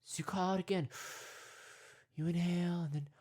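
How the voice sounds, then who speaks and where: A man leading a parody guided meditation, rambling with constant "you know" and "right?", sometimes dropping to hushed whispers. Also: high-pitched, fairly even intonation, moderate pace. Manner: drops to hushed whispers at times.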